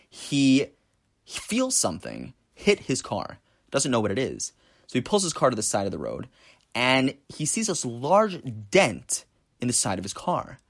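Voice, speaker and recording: A man giving an inspirational talk with a story, speaking with emphasis and rising force on key points. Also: mid-range voice. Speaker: teacher.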